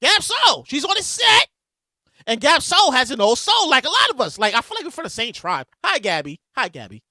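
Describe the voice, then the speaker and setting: A woman in her thirties hosting a solo podcast, telling stories in a casual, profane, animated way and acting out quotes loudly. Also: high-pitched, a little fast, dry recording, clean studio sound. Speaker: podcast host.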